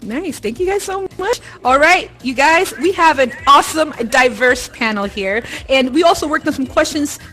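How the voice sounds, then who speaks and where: Woman, high voice, upbeat panel host, chatty, faint music behind. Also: lively intonation, moderate pace, few pauses, bright, forceful tone. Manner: upbeat, chatty, laughs often. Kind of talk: hosting a live online panel.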